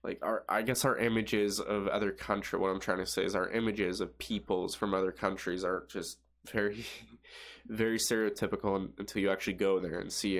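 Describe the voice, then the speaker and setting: A young man with a fairly low voice rambles through a casual podcast monologue. He swears freely and keeps stopping to restart his sentences, padding them with fillers. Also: fairly bright tone. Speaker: podcast host.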